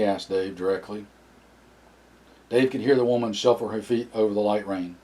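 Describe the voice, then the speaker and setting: A man reading a novel aloud as narrator, often clearing his throat. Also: fairly low pitch, steady tone, normal speed, dark tone, poor audio. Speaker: audiobook narrator.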